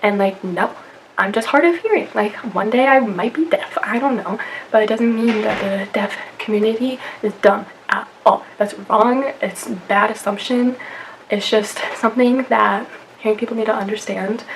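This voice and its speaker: A woman's voice: medium pitch, gravelly, poor audio. A young woman vlogging in a casual chat to camera, filling her talk with "like" and "um". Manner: chatty, many fillers and "like". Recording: faint background noise.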